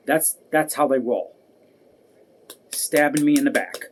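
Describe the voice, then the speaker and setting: A man's voice: mid-range voice, animated, measured pace, pauses often, darkish tone. A man vlogging an angry personal rant, profane and heated, repeating himself as he goes. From United States.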